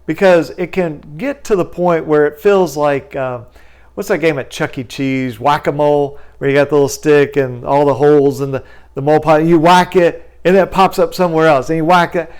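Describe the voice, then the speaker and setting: Man explaining debt lawsuits in a lively, slightly raised voice. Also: fairly high pitch, normal speed, smooth. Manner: lively storytelling, acts out phone calls in a raised voice. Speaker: consumer bankruptcy lawyer. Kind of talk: casual explanatory talk.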